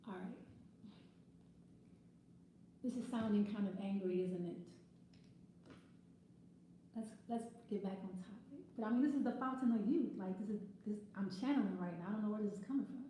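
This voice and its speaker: A woman's voice: medium pitch, normal speed, pauses often, mellow, heavy reverb, a little hiss or hum, low-quality recording. A woman giving a casual tarot reading, ranting bluntly and swearing freely. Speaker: tarot reader.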